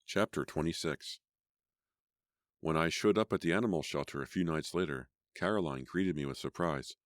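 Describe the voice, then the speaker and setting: A man narrating a teen horror audiobook in a measured, even storytelling voice. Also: a bass voice, no echo, clean studio sound. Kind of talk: scripted narration.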